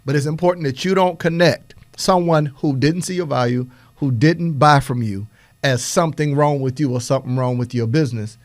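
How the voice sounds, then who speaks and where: An energetic male podcast host talking business like a preacher, rising and dipping as he drives home his points and laughing between them. His voice is dry and close, with no room sound around it. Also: mid-range voice, normal speed, no echo. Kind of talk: motivational business talk.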